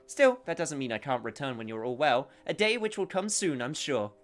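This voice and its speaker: A man's voice: mid-range voice, very animated, normal speed, soft background music, natural voice. A man voicing a small young dragon who speaks in a grand, formal, archaic way. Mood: gentle. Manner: archaic, lofty phrasing. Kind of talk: reading game dialogue aloud.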